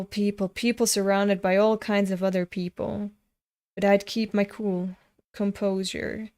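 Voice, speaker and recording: A woman's voice: medium pitch, mellow, clear, resonant tone. A woman in her twenties reading a comic aloud and ranting frankly about it, swearing freely. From Europe. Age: 20s. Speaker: webcomic reader and commentator.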